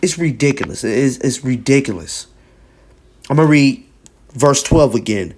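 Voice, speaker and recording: A man's voice: medium pitch, expressive, normal speed, long pauses, darkish tone, husky. A man giving an emphatic, repetitive preaching commentary on video, reading scripture and news aloud and often adding "man".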